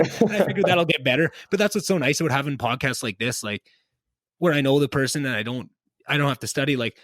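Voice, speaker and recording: A man's voice: on the high side, very fast, fairly bright tone, no room sound. A young man hosting a podcast, chatting casually and rambling with many restarts and self-deprecating asides. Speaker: podcast host. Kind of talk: casual chat. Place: home basement. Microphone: podcast mic.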